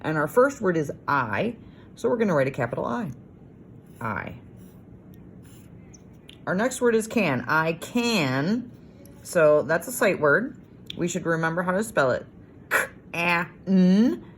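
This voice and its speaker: A woman teacher recording a homework lesson for young children, sounding out words slowly and praising often. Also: fairly low pitch, big pitch swings, slight background noise. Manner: slow, sing-song sounding out of letters and words; encouraging, praising.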